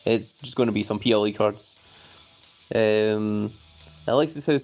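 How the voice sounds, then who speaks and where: A man's voice: on the low side, unhurried, long pauses, a little mellow. A male live streamer reading viewer comments aloud and reacting with playful bafflement, jokingly formal and referring to himself in the third person. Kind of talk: casual live-stream chat.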